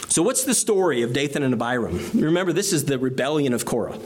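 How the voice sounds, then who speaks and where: A man's voice: medium pitch, big pitch swings, quick pace, few pauses, a little hiss or hum. A man preaching an expository sermon, reading and explaining scripture passages earnestly.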